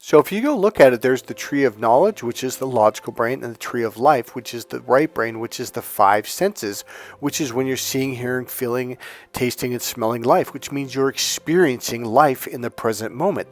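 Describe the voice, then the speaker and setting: A man who coaches on dating and relationships, talking casually to his channel as an outspoken, animated storyteller. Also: mid-range voice, moderate pace.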